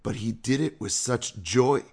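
A man, a rabbi, telling a story in a lively, conversational sermon. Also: medium pitch, measured pace, breathy edge.

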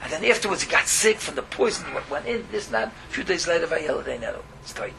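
Speaking fast with vocal fry in a somewhat high register, a man gives a Torah lesson as a rabbi. He tells stories, blends in words and bursts into exclamations, with constant hiss in the background.

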